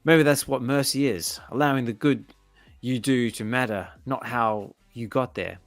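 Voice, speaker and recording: A man casually reading a comic aloud and reacting excitedly to the panels as a channel host. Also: mid-range voice, moderate pace, no room sound, faint music behind.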